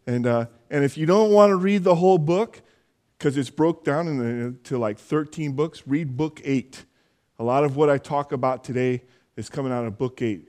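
A male pastor preaching a sermon in a conversational, earnest way, with frequent fillers, dropping to a hushed voice when praying. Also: fairly high pitch. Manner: soft hushed prayer voice.

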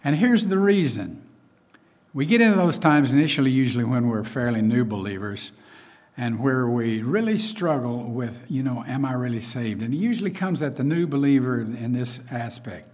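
A man's voice: medium pitch, lively intonation, moderate pace, a little mellow. A man preaching a sermon in a conversational way, with frequent asides and fillers.

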